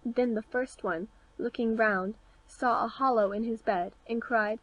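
A woman narrating a fairy tale audiobook with a clear, steady read-aloud delivery. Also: fairly high pitch, a little slow, muffled recording. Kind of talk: scripted storybook narration.

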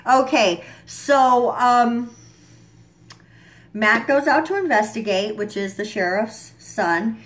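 A woman's voice: on the high side, slow pace. Chatty woman swearing through a recap. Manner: chatty, profane, lots of fillers and asides. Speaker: vlogger recapping a TV episode. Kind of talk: casual chat.

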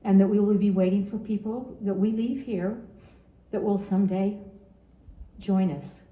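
A woman's voice: mid-range voice, reverberant, narrow, tinny audio. A woman in her seventies from Utah, giving a heartfelt farewell message to her grandson, earnest and often repeating her phrases. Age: 70s.

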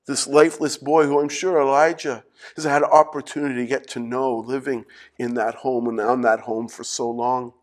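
High-voiced man preaching a sermon. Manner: preaching with rhetorical questions to the congregation; clears his throat between passages. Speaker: pastor.

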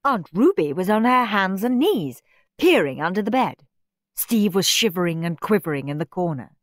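A woman reading a children's storybook aloud, expressive and playful. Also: medium pitch, normal speed, no room sound, studio quality. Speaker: audiobook reader. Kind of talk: storybook narration. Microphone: close studio mic.

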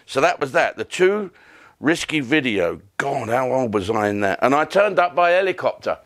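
In casual storytelling, an older male comedian rambles through profane, self-deprecating tales. His mid-range voice is sing-song and a bit bright, at a normal speed.

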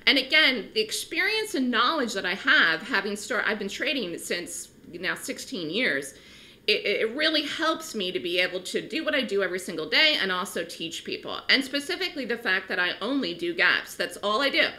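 A middle-aged woman talks straight to the viewer about trading, her voice bright and forward. Her pitch swings widely as she leans hard on key points. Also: moderate pace, low-quality recording. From New York City. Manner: animated, emphatic, rising pitch on key points. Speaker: stock trading educator. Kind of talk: direct-to-camera market talk.

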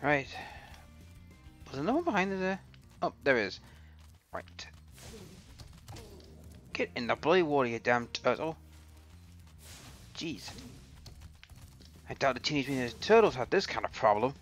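A man's voice: mid-range voice, sing-song, moderate pace, pauses often. Chatty man narrating gameplay. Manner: chatty, talks to game characters, mild swearing. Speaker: let's play host. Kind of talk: casual gameplay commentary. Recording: voice with game music underneath.

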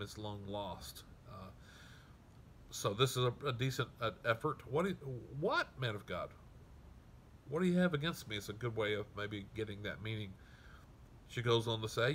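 A man preaching a sermon, reading scripture aloud and explaining it in an earnest, emphatic way that drops soft at grave points. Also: fairly low pitch, slight background noise. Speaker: pastor.

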